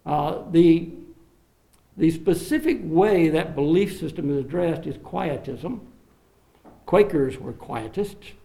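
Man, pastor, high voice, teaching sermon, animated, middle-aged. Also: takes it slowly, gravelly. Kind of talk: expository sermon.

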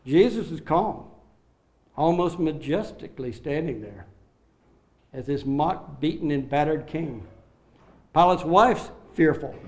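A man preaching an expository sermon, acting out the quoted lines with swings in loudness and slowing down on key phrases. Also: on the high side. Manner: dramatic, acts out the quoted lines with sharp rises and drops in loudness.

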